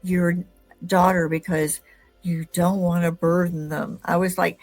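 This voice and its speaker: A woman's voice: on the low side, flat delivery, a little slow, a little mellow, faint music behind. A woman hosting an interview podcast who often murmurs agreement and speaks with enthusiasm. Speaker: podcast host.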